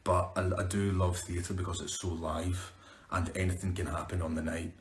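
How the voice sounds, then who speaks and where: A young Scottish actor answers viewer questions on a live stream, chatty and upbeat and restarting words. His deep voice shows little pitch movement at a moderate pace, with slight background noise and a roomy echo.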